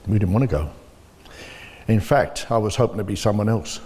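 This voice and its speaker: A man's voice: on the low side, a little fast, a little mellow, slightly rough. A man telling of his son's death in blunt, earnest testimony. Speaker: bereaved father giving testimony. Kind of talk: personal testimony in conversation. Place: church. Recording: long reverb of a church hall.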